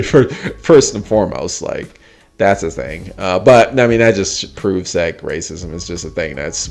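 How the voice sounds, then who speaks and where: A man in his forties talking casually as a host, laughing often and mimicking others in a mocking high voice. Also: creaky, darkish tone. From United States. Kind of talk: casual chat.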